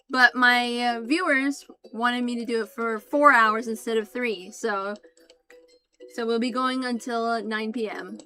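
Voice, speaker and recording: A woman streaming a tabletop-style adventure, chatting warmly with viewers, thanking them and reading out their messages as she narrates. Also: fairly high pitch.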